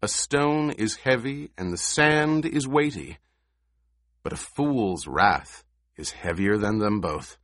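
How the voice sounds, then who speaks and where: A man doing a low, guarded smuggler chief. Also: no room sound, studio quality. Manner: low, measured, quietly guarded. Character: cautious, shrewd male smuggler chief.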